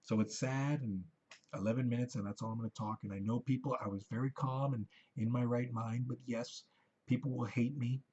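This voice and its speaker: A man's voice: medium pitch, steady tone, fairly quick, warm tone, breathy edge, dull audio. A man ranting into the camera in a rambling, profane, heated monologue. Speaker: vlogger.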